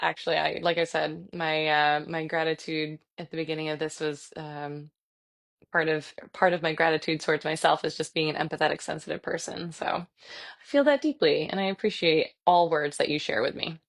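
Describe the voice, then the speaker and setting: A lower-pitched woman speaking into a computer on a video call as she closes a virtual class. She is effusive and a little teary, thanking attendees warmly. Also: normal speed, creaky. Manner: warm, effusive and gushing, reads chat comments aloud. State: emotional, tearing up. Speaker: fitness instructor. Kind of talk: live virtual class wrap-up.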